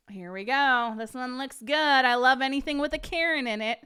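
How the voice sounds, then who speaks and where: A woman's voice: sits high, normal speed, few pauses, pushed and bright, smooth. A woman hosting a casual live-streamed podcast, chatting with viewers and reading a story aloud, laughing often.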